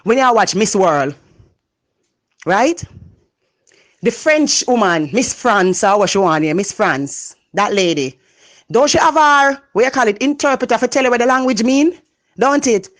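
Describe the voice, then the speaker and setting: Jamaican woman, motivational speaker, loud, passionate, patois-laced talk. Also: a little high, animated, measured pace. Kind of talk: motivational monologue.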